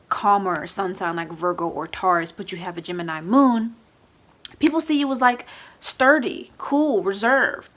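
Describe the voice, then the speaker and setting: Chatty woman explaining astrology. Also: medium pitch. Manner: chatty, frequent "you know" and "right?"; acts out quoted moods in lively voices. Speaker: astrology YouTuber. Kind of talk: casual explainer vlog.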